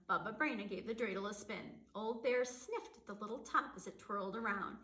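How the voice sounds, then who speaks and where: Bright-voiced librarian reading aloud. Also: female voice, mid-range voice, a little fast. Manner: expressive storytelling. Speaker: children's librarian. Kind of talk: reading a picture book aloud. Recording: roomy echo.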